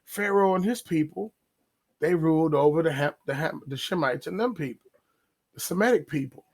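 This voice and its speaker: A man hosting a podcast, talking casually about faith with drawn-out emphasis and acted-out asides. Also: on the high side, darkish tone. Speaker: podcast host. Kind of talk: casual religious commentary.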